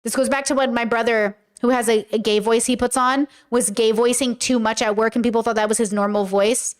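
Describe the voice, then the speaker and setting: A woman with a high voice hosts a casual commentary video, reacting to viewer comments. She rambles animatedly, full of fillers, and keeps slipping into playful mimicked voices. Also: steady tone, fairly quick. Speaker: YouTuber and podcast host.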